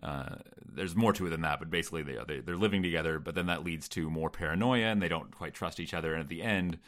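A man co-hosts a casual film review conversation, speaking loosely with frequent fillers and hedges. His voice is very deep. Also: fast talker. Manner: relaxed, filler-heavy, hedging. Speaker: podcast co-host.

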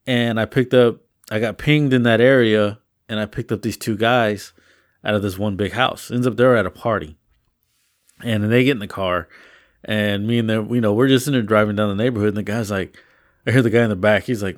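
A man, co-hosting a podcast, retelling his rideshare trips in a rambling, animated way with frequent exclamations. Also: on the low side, a little fast. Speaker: podcast co-host. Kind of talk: casual storytelling chat.

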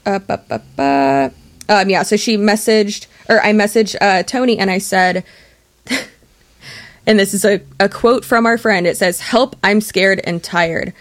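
A young woman in easy podcast banter, laughing often as she rambles through a story. She stops and restarts her sentences freely and fills them with ums and likes. Her pitch sits in the middle range for a woman. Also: a little slow. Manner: giggly, rambling storyteller with many fillers. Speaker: podcast co-host. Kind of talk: casual chat.

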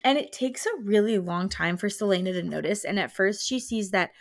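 Young woman, podcast co-host, lively casual recap, dry close mic. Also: mid-range voice, a little fast, no echo. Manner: animated, reads book passages aloud and acts out characters. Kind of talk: casual book-club chat.

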